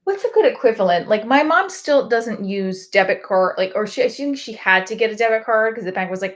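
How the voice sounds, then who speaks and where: A woman's voice: a little high, expressive, a little fast. A woman comedian in a candid, rambling confessional monologue who swears freely.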